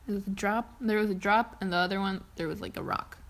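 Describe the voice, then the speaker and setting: A young woman co-hosting a casual podcast, pitched right in the middle. She rambles as she reads out a ghost story, dropping swear words and laughing along the way. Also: big pitch swings, quick pace, vocal fry, a bit bright. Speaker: podcast co-host. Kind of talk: casual chat, reading a ghost story aloud.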